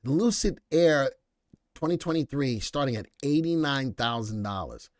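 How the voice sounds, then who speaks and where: A man hosting a live stock market commentary show, animated and joking as he reads viewer comments aloud. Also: mid-range voice, unhurried, dry recording, clean studio sound.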